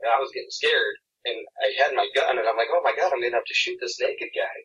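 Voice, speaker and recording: A man's voice: medium pitch, fast talker, a bit bright, recorded from a distance, muffled recording. A man on a podcast telling a long story in a casual, rambling way, full of "like" and laughs. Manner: rambling, laughing, lots of "like" and "I'm like". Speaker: podcast co-host.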